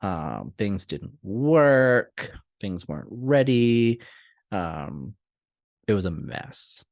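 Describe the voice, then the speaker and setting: A young man co-hosting a podcast, chatting casually and laughing often as he tells animated stories. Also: fairly low pitch, very slow, creaky, no echo, studio quality. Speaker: podcast co-host. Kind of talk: casual chat.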